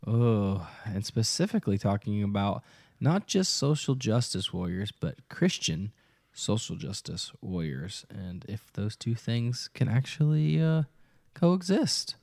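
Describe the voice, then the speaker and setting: A Midwestern American man co-hosts a podcast, chatting casually and rambling with plenty of ums and hesitations. His voice is fairly low, gravelly and a little mellow, with big pitch swings and a measured pace. The recording is dry, with clean studio sound.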